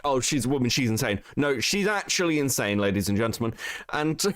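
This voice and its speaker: A man hosting a live commentary stream, his voice slightly high and swinging widely in pitch. He swears freely and laughs often. The sound is close and dry, with no room around it. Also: clear, resonant tone, dry recording. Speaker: streamer host.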